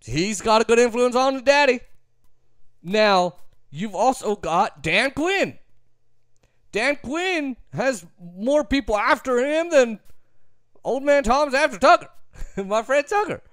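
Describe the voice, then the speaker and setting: Opinionated sports talk host, high voice that swings widely, emphatic and repetitive, dry close sound. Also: male voice, expressive, slow pace, pauses often, fairly bright tone, no echo. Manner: emphatic, repetitive, laughs easily. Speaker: sports commentator.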